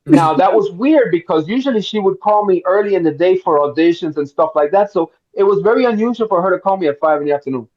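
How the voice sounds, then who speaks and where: Speaking quickly with few pauses in a high-sitting voice, a middle-aged Miami actor recounts a long anecdote as a roundtable guest, voicing its characters with animation. The highs are cut off in the audio.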